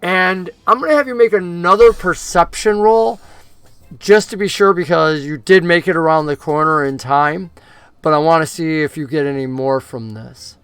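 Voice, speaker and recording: A man narrating a tabletop role-playing game as game master, talking in a lively way and jumping into character voices. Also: on the high side, normal speed, clear, resonant tone, dry recording.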